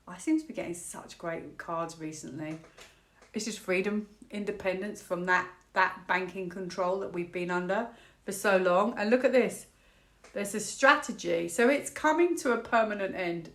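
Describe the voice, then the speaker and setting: A woman from the United Kingdom giving a casual tarot reading to camera, thinking aloud in a rambling, half-laughing way. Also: medium pitch. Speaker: tarot reader. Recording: echoey room.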